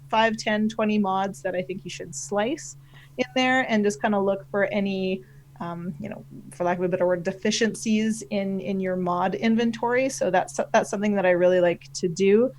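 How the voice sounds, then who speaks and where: A woman chats on a live stream panel and answers viewer questions. She rambles, backtracks and jokes at her own expense. Her voice sits at an ordinary middle pitch. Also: rough recording. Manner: rambling, self-deprecating, full of fillers. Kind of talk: casual live-stream chat.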